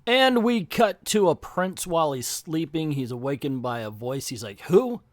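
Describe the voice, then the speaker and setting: A man's voice: a little high, expressive, moderate pace, no echo. A man casually recapping a comic book, joking and slangy as he acts out the quotes. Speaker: comic book video host.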